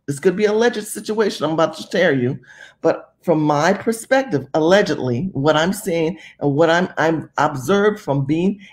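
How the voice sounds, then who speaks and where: A woman's voice: low-pitched, normal speed. A woman from California giving emphatic, rambling political commentary. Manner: emphatic, rambling, animated delivery.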